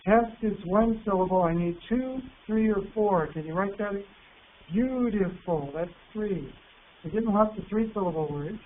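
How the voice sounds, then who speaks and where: A man presenting an online teacher workshop, patient and encouraging, reading words out slowly. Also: sits high. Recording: tinny phone-like line with faint hiss.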